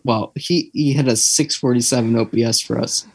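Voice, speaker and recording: Husky young man rambling. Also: medium pitch, steady tone, moderate pace. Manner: rambling, full of "like" fillers and tangents. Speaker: sports podcast co-host. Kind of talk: casual chat.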